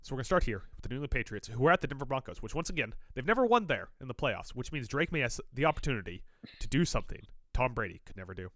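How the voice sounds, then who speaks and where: A man's voice: medium pitch, very animated, very fast, fairly bright tone, no echo, studio quality. A man co-hosting a sports podcast, joking and teasing in casual chat, a little stuffy from allergies. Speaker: podcast co-host.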